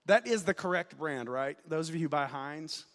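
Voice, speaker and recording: A man's voice: fairly high pitch, expressive, moderate pace. Chatty man preaching in a reverberant church. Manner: self-deprecating, chatty storytelling with bursts of loud emphasis. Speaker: student pastor, guest preacher. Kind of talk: casual conversational sermon. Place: church sanctuary.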